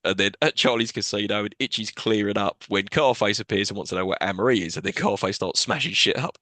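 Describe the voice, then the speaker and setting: A man's voice: on the low side, fast, sharp tone, no echo. A man co-hosting a podcast, recapping a film plot in casual chat with sarcastic, sweary asides. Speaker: podcast co-host.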